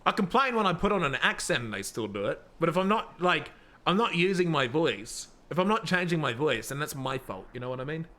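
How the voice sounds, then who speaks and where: A man streaming a police role-play game, talking excitedly and rambling with swearing and frequent restarts. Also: a little high, fairly quick. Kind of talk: live-streamed gameplay commentary.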